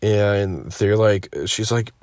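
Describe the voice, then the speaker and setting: Young man, slightly low voice, dry close sound, laid-back rambling storyteller who swears a lot. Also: little pitch movement, slow pace, a little mellow, no echo. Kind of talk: casual storytelling.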